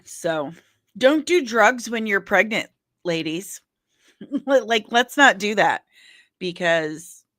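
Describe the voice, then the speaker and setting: A woman with a slightly low voice chats casually on a livestream. She rambles openly, laughs often and breaks off to apologize. The sound is dry and close, with no room echo. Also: a bit bright. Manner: rambling, candid, with frequent laughs; apologetic asides.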